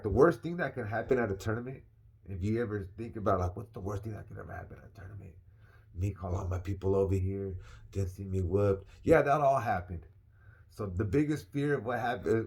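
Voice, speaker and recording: Slangy young man telling a story. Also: sits low. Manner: animated, slangy, repeats phrases for emphasis. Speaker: vlogger. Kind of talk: casual storytelling.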